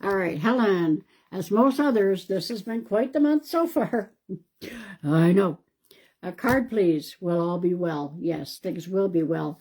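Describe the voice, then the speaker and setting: A woman, a psychic medium, doing a live-stream card reading in a calm, reassuring way and thinking aloud. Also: medium pitch, slow pace, breathy edge. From Canada.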